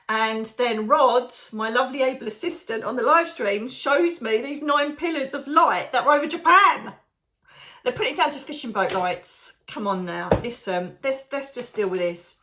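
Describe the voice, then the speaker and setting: A woman's voice: medium pitch, a bit bright. Chatty, effusive female host from the UK, psychic medium thanking viewers and drifting off topic. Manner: effusive, chatty, digressing, calls viewers darling. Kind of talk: casual chat to viewers.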